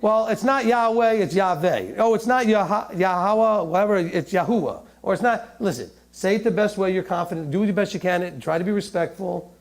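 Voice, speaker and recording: A man's voice: sits high, a little fast, creaky. A man teaching a sermon, reading scripture aloud and explaining it in a chatty, joking way, often checking in with "okay?". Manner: joking asides, laughing at his own humor. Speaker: Bible teacher.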